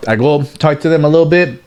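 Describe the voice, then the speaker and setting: A man, a guest in a casual interview, telling stories in an animated way, full of "like" and "you get what I'm saying". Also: fairly high pitch, normal speed, clear, resonant tone.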